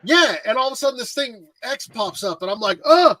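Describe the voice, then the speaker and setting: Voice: mid-range voice, brisk, pushed and bright, no echo. A comedian guest telling a rambling, stammering story in casual comedy chat.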